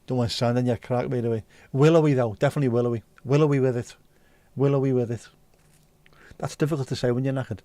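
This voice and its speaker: A man's voice: mid-range voice, steady tone, fast, dark tone, dry recording. A man from North West England, hosting a casual livestream and bantering with chat comments. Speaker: livestream host.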